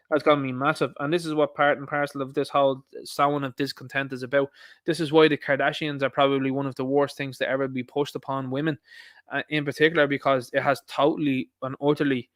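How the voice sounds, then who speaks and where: A man's voice: mid-range voice, a bit bright, no echo. An Irish man hosting an online commentary show, rambling and opinionated as he reacts to posts and talks straight to his viewers.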